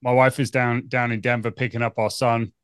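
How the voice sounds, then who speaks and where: Man, podcast host, medium pitch, relaxed conversational questions, dry close sound. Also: brisk, smooth, no echo. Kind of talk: podcast interview.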